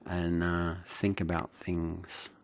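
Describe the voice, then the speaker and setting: An Australian man, middle-aged, reminiscing late at night at home in a rambling, hesitant way with many fillers and soft chuckles. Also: deep voice, flat delivery, takes it slowly. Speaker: vlogger. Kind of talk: late-night reflective monologue.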